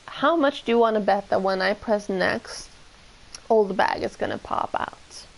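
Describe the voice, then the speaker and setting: Gravelly-voiced woman streamer reading game lines. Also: medium pitch, measured pace, rough recording. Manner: chatty, reads lines dramatically and comments between them. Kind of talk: reading game dialogue aloud on a live stream.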